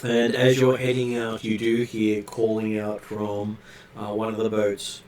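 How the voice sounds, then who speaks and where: A man narrating a tabletop game as game master, pausing often on fillers as he describes scenes. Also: on the low side, completely flat delivery, a little mellow, a little hiss or hum. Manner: hesitant, filler-heavy narration.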